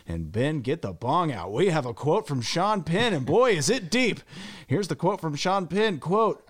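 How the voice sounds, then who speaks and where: A man's voice: a little high, big pitch swings, unhurried. Wry young man reading radio news. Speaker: news reader and co-host. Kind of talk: casual news rundown on talk radio.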